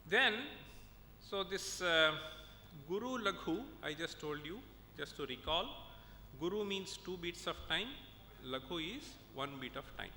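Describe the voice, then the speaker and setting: A man's voice: expressive, unhurried, bright, forceful tone. An Indian man, a professor, lecturing at a conference, explaining step by step and checking in with his listeners as he goes. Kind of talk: lecture with examples and recitation. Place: conference hall. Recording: echoey hall with faint rumble.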